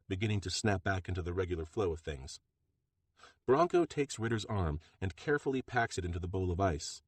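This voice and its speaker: A man reading an audiobook in steady, measured narration on a close mic. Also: sits low, breathy edge, no echo. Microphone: close studio mic.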